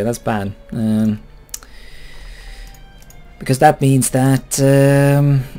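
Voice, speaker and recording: A man giving casual, rambling commentary over a strategy game, chuckling and swearing offhandedly. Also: medium pitch. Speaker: let's play host.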